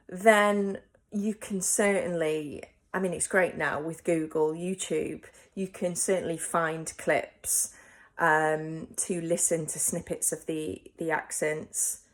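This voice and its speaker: A woman with a slightly low voice, speaking as an acting coach in a relaxed, unscripted reflection. She is encouraging and thinks aloud, with frequent ums and restarts. It sounds like a selfie-style recording. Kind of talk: casual reflective monologue to camera. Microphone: phone or camera selfie recording.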